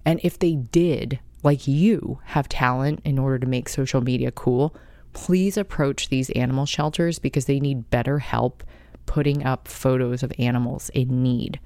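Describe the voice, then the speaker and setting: A woman's voice: extremely low pitch, steady tone, moderate pace, warm tone, no room sound. Gushing, chatty woman podcast host. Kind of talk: casual monologue.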